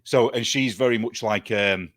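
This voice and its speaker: Man, British accent, guest, animated storytelling, frequent laughter, dry recording. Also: on the low side, normal speed, dry recording. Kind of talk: casual chat.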